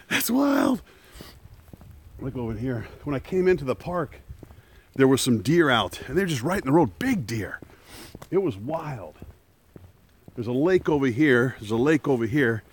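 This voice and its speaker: A man's voice: mid-range voice, sing-song, measured pace, long pauses, a little hiss or hum. A man live-streaming a walk outdoors in a wooded park, talking casually through a camera on a selfie stick. He chats and laughs often, and jokes about the danger around him.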